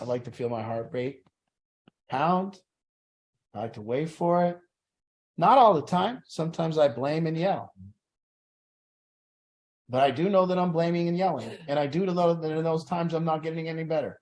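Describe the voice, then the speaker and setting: A man's voice: a little high, animated, normal speed, pauses often, darkish tone. A man leading an addiction support group, talking in an earnest, plain-spoken way that repeats phrases for emphasis.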